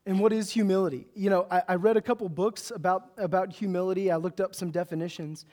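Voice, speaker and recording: A young man with a loud, big voice delivers a sermon from the pulpit, pitched high for a man. He tells stories with animated, self-mocking humor. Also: fast talker. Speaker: preacher.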